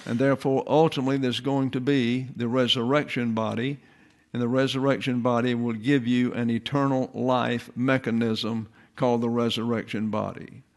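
A man in his eighties preaching, slow and deliberate, mixing doctrine with folksy asides and memories. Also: medium pitch, level tone. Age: 80s. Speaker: pastor. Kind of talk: sermon.

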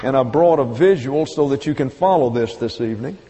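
A man teaching an evening Bible lesson, explaining step by step and slowing down to read quotes with emphasis. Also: mid-range voice, animated, warm tone. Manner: methodical, step-by-step explaining, slow emphatic quoting. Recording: long hall reverb.

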